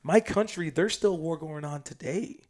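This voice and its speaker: A man from South Sudan, a podcast guest telling a story in casual chat. He is animated and slangy, and swings between loud bursts and hushed asides. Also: fairly high pitch, normal speed.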